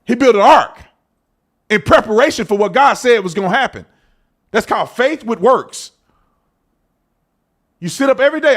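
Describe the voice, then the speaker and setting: A man's voice: very high voice, expressive, moderate pace, long pauses, fairly bright tone. A man hosting an opinion podcast, talking in a preachy, colloquial way and often mocking others in put-on voices. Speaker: podcast host. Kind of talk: opinion commentary.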